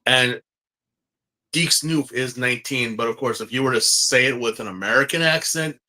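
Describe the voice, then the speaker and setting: Casual podcast co-host, male, bright edgy tone, rambling and chatty. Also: medium pitch, moderate pace. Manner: rambling, chatty, lots of fillers and restarts. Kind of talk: casual chat.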